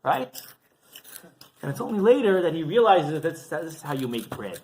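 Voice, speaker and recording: Man, rabbi, sermon, storytelling, frequent "right?", very lively pitch. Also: quick pace, a little hiss or hum, low-quality recording. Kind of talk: Torah class sermon.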